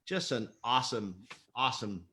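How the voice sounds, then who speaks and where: A bright, forward-voiced middle-aged man chatting on a live interview. He tells stories with lots of energy, acts out other people's lines and laughs easily. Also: medium pitch, moderate pace. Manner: animated storyteller, laughs often, acts out quotes. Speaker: guest, mental performance coach. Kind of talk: casual livestream interview.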